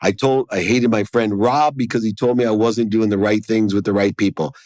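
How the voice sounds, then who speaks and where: A man's voice: lowish voice, steady tone, a little fast, darkish tone, dry recording. A man as a podcast guest, telling a personal story in an earnest way and acting out the dialogue within it. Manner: earnest, acts out quoted dialogue in his story.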